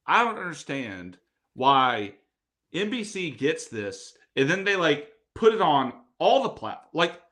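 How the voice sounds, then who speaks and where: Animated, bright-voiced man ranting. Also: medium pitch. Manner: animated, ranting, laughs often. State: getting over a cold. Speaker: podcast co-host. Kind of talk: casual football chat.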